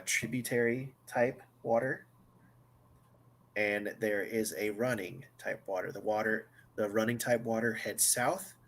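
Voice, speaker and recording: A man narrating a tabletop game as game master, slow and halting with many fillers. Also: fairly low pitch, fairly bright tone.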